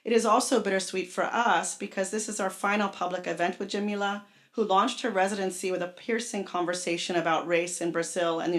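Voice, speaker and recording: A woman with a low voice opens an academic evening, introducing the speakers in a formal, measured way. Spanish is her first language, and she corrects her own small slips as she reads the bios. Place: lecture hall.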